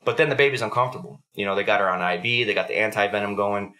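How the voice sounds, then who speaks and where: A man's voice: fairly low pitch, very fast, pushed and bright. A young adult man hosting a podcast, telling a story in a casual, profanity-heavy way. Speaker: podcast host.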